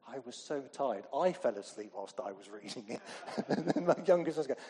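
A man's voice: medium pitch, animated, moderate pace, mellow. Middle-aged male preacher, conversational and questioning, long hall reverb. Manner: conversational, asks the congregation questions. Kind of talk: sermon.

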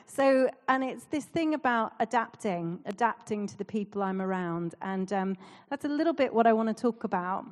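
A woman's voice: a little high, normal speed, darkish tone. Chatty woman preaching in a reverberant hall. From Canada. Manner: chatty, self-deprecating, many um fillers and small laughs. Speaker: church leader. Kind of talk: sermon.

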